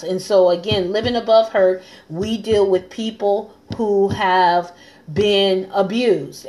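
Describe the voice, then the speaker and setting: A woman's voice: mid-range voice, darkish tone. A woman hosting a live stream as a coach and pastor, talking earnestly and repeating phrases for emphasis. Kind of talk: casual live-stream talk.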